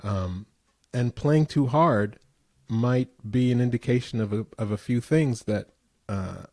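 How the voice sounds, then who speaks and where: A middle-aged man guest in an interview, telling relaxed anecdotes with easy laughter. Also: medium pitch, unhurried, dry recording, studio quality. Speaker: guest musician. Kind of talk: casual interview chat.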